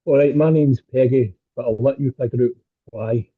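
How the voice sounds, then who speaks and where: A man's voice: medium pitch, moderate pace, husky. A Scottish man doing a stand-up set over a video call, with crude, self-deprecating punchlines. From Scotland. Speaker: stand-up comedian. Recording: tinny phone-like call audio.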